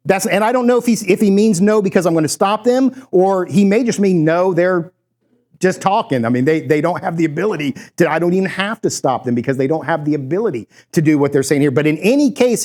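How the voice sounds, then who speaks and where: A man preaching a sermon from the pulpit, with a voice that sits a little higher than most men's. He talks to the congregation in a conversational way, as if chatting with them. When he tells a story, he acts out the quoted lines in different voices. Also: expressive, moderate pace, darkish tone. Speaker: pastor.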